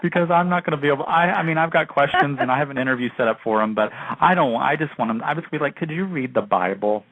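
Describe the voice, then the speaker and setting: A man's voice: on the high side, fast, hardly any pauses, no echo, phone-quality sound. A man co-hosting a casual chat radio show, talking in a gushing, rambling way. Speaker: co-host. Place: home studio, call-in radio show.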